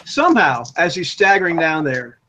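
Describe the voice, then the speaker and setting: A man's voice: on the high side, sing-song, moderate pace, noisy background. A man narrating a tabletop role-playing game as game master, rambling with many fillers and chuckling often. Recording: dull lo-fi recording.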